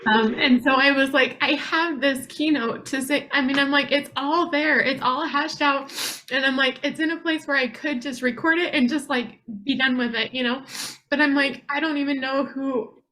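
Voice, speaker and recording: A woman's voice: sits high, fairly even intonation, normal speed, sharp tone. A woman on a group video call who shares her doubts in a rambling, hesitant way, full of fillers. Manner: rambling, hesitant, self-questioning, many fillers. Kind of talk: casual personal sharing.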